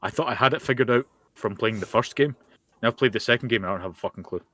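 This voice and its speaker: A man's voice: fairly low pitch, rapid-fire, fairly bright tone, no room sound. A Scottish man co-hosting a podcast over a voice call, chatting bluntly and sardonically and swearing freely. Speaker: podcast co-host. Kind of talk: casual chat. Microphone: Discord voice call.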